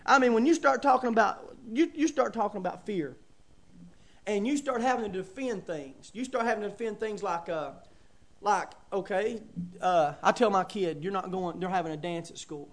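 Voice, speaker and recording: A man's voice: high-pitched, moderate pace. A middle-aged man preaching a sermon, folksy and emphatic with chuckles and asides.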